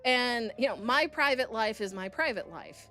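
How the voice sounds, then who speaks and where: A woman's voice: fairly high pitch, expressive, normal speed, pushed and bright, faint music behind. A woman streamer telling a story to her chat in a blunt, profane, heated way.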